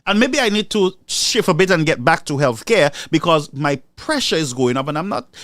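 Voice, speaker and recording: A man delivers heated political commentary, angry and full of rhetorical questions. His voice sits high and swoops widely as he rants. The sound is dry and close, with almost no room echo. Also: sing-song, moderate pace, fairly bright tone.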